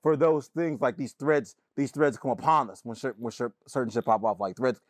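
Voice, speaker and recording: A man co-hosting a podcast in casual chat, animated, his voice jumping up when he argues, laughing often. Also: medium pitch, moderate pace, no room sound, studio quality. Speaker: podcast co-host.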